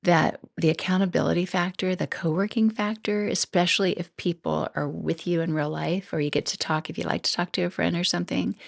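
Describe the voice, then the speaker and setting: A middle-aged woman hosting a solo podcast, talking casually, thinking out loud and laughing often. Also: fairly low pitch, gravelly, no echo, studio quality. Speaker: podcast host and coach.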